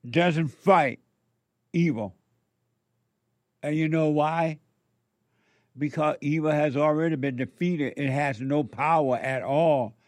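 A man delivers a spiritual sermon at a slow, deliberate pace. He leans on repetition and rhetorical questions, and his voice sits in a middle register. The sound is dry and close. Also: medium pitch, dry recording. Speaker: preacher.

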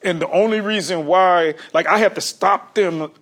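A male comedian, a guest on an interview show, telling stories in an animated, slangy way and laughing often. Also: high voice, normal speed. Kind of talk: casual interview storytelling.

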